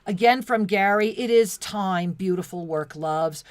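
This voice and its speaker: A woman's voice: medium pitch, measured pace, no echo. Effusive woman on spiritual talk radio. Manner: effusive, devotional, restarts often. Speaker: co-host. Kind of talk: spiritual talk radio, reading chat messages.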